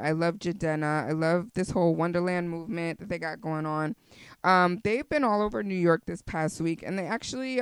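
Woman podcast host, casual and expressive, smooth lowish voice. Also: dry recording. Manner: chatty and expressive, lots of fillers. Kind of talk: casual solo podcast chat.

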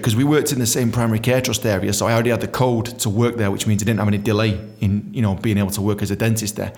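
Man, comic storyteller, animated, swears a lot, squeaky voices for other people. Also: racing, hardly any pauses.

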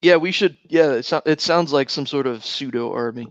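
A man co-hosting a casual chat, making dry jokes and laughing loudly. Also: medium pitch, normal speed, no room sound. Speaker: podcast co-host. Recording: dry, dull lo-fi sound.

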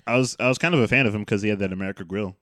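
A man co-hosting a casual podcast, jumping in quickly and defensively. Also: lowish voice, fairly bright tone, dry recording. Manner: rapid, defensive interjections. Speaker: podcast co-host. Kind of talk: casual chat.

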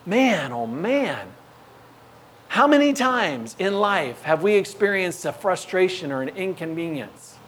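A male pastor preaching a sermon, telling animated stories and acting out the scenes. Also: high voice, a little slow, a little hiss or hum.

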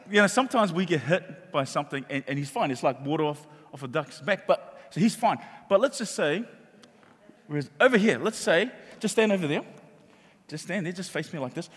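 High-voiced man preaching in a hall. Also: breathy edge. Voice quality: animated, jokey, repeats words. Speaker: pastor. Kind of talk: sermon. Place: church hall. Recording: long hall reverb.

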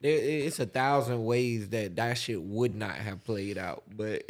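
A man co-hosting a podcast in relaxed, slangy casual chat, sometimes drawing his words out slowly. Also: fairly low pitch. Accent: American English. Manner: relaxed slangy storytelling, drawls slowly at times. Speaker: podcast co-host.

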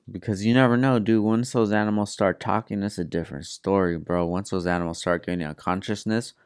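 A man's voice: fairly low pitch, steady tone, a little fast, clean tone, dry recording, studio quality. A laid-back man telling stories in casual chat, full of slang and swearing, laughing often.

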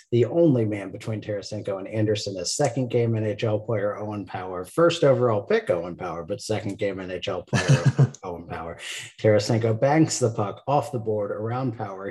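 Guy with a lowish voice doing a hockey podcast recap, chatty, laughs a lot. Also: a little mellow. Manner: play-by-play recap, laughs often. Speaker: podcast co-host. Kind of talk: casual sports chat.

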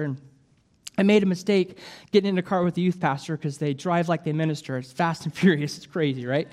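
A man preaching as an evangelist, telling stories with jokes and an animated, lively delivery. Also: high voice. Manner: animated storytelling with jokes and laughs. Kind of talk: sermon.

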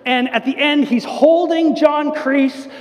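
An older man preaching a sermon in a church, telling stories with lively energy and acting out the quotes. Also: very high voice, slow pace. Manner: animated storytelling, acts out quotes. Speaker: pastor. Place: church sanctuary. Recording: long church reverb.

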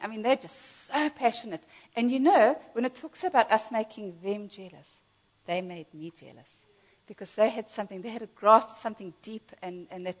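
A woman preaching a sermon in a church, telling a story with lively quoted dialogue and easy laughter. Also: medium pitch. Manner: lively storytelling, quoting others, laughing easily. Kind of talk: sermon with retold anecdote.

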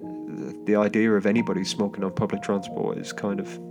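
Soft guitar music sits underneath a low-ish, brisk English male voice with little pitch movement. Recorded on a home microphone, he hosts a podcast by himself, telling a rambling travel story loaded with fillers, restarts and chuckling side comments.

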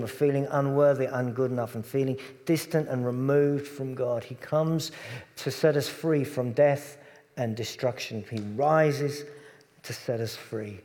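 A man preaching a sermon in a conversational way, sometimes dropping to a soft, hushed voice on tender points. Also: mid-range voice, in a large hall.

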